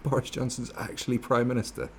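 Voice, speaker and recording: Gravelly, sweary man ranting. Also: medium pitch, level tone, fast talker, slight background noise. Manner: sweary, sarcastic, rambling with many restarts. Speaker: political commentator. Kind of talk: ranting monologue.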